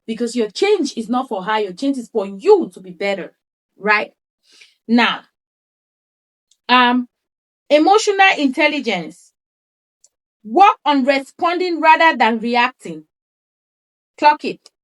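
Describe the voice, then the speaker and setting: A woman's voice: a little high, very animated, slow pace, long pauses. A woman lifestyle coach giving a motivational talk, repeating her points for emphasis and acting out quotes. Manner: acts out others' words in quoted asides.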